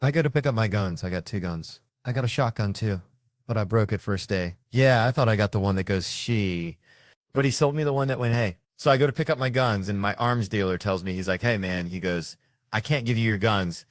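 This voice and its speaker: A stand-up comedian rattles off rowdy, profane anecdotes, mimicking the voices of the people in his stories. His voice is lowish and he talks fast. The recording is dry.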